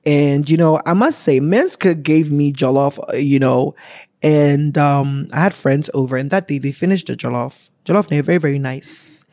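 A woman's voice: low-pitched, moderate pace, mellow, no room sound, studio quality. A woman hosting a podcast and wrapping up the episode in a chatty, upbeat, playful way. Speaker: podcast host. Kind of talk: casual podcast outro.

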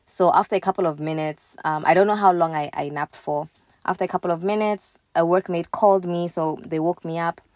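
A woman casually telling a personal story in an animated way, acting out the lines of the people in it. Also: lowish voice, fairly quick, no echo. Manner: animated, quoting others in her own voice.

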